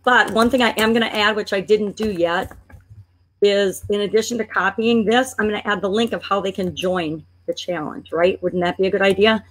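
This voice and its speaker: Woman, business coach, screen-share tutorial, chatty, thinking aloud, playfully exasperated, middle pitch. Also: steady tone. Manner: playfully exasperated at a slow computer.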